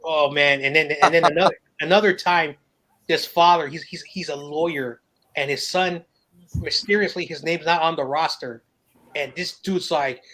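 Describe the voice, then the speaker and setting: A man hosting a casual chat, telling stories in an animated, profane way and laughing often. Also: fairly high pitch, moderate pace, low-quality recording. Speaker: podcast host.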